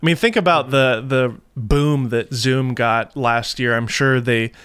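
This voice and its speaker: A man talking casually as a podcast guest over a video call, relaxed and quick to laugh. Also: medium pitch, clear, resonant tone, no room sound, faint music behind. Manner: relaxed, laughs easily, thinks aloud. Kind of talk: casual chat.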